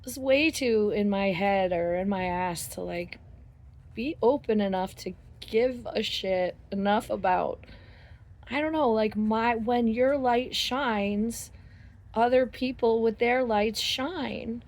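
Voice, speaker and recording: A woman's voice: a little high, takes it slowly, darkish tone. A middle-aged woman telling a rambling, casual story to her viewers, laughing often and swearing freely. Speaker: vlogger.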